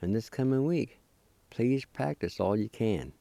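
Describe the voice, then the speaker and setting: A man teaching a language lesson, spelling and pronouncing each word slowly and repeating it. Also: mid-range voice, lively intonation, gravelly, warm tone, no echo. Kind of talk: slow spelling and pronunciation lesson.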